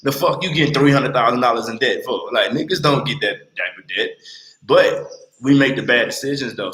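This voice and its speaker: A man in his late twenties talking bluntly and with lots of swearing on a casual livestream, telling animated stories. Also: mid-range voice, reverberant, rough recording. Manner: blunt, profane, animated storytelling. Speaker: livestream host.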